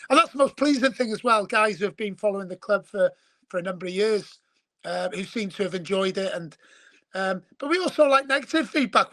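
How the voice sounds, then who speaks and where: A man's voice: high-pitched, sharp tone. A man from Wales, chatting as a guest in a rambling, chummy way and calling the host mate. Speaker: guest, football show presenter. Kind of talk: casual chat.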